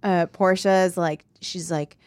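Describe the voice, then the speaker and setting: A woman's voice: on the low side, steady tone, measured pace, a little mellow, no room sound. A woman in casual chat, retelling scenes and acting out the characters' lines. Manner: acts out characters in quoted voices.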